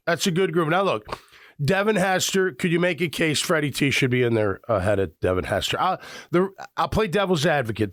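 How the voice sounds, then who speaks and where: Middle-aged male sports radio host from Chicago, rambling storyteller, lively pitch, dry close mic. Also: dry recording. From Chicago area. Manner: rambling, animated, frequent restarts. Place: radio studio.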